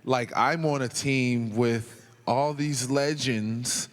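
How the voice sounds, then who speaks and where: A man's voice: medium pitch, takes it slowly. A man in his thirties, a former basketball player, telling stories as an interview guest and acting out his own past words in a raised voice. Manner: animated, acts out his own quotes in a raised voice. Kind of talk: interview storytelling. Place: large indoor hall at a museum event. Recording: reverberant hall.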